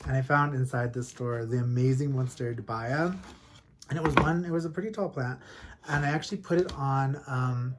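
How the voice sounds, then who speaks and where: A man talking casually at home as a plant-collector vlogger, rambling and animated, with frequent laughs. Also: mid-range voice, brisk. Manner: rambling and animated, laughs often, lots of fillers. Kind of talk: casual chatty storytelling. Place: at home with houseplants.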